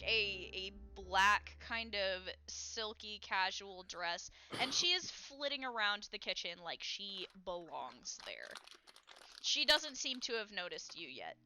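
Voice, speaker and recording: A woman's voice: on the high side, bright, forceful tone. A woman narrating a tabletop game as game master in a casual, chatty way. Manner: casual, chatty, many fillers, laughs often.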